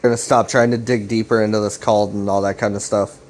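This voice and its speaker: A man's voice: fairly low pitch, little pitch movement, fast, darkish tone. A young man casually recapping a web series, retelling the dialogue loosely with fillers and restarts.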